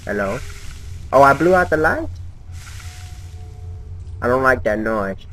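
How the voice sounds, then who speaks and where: A man's voice: mid-range voice, very animated, unhurried, a bit bright. A man giving nervous, jumpy let's-play commentary while talking to himself. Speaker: gamer. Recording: noisy home game recording.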